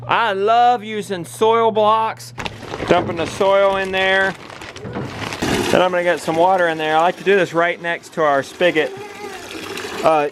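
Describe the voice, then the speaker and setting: A man's voice: high-pitched, noisy background. A man hosting a casual family farm vlog, talking to his viewers in a chatty, playful way as he works outdoors. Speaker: vlog host.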